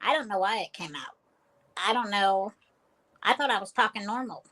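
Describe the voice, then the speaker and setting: A woman's voice: medium pitch, animated, moderate pace, sharp tone. A woman co-hosting a podcast in casual chat, playful and a little defensive. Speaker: podcast co-host.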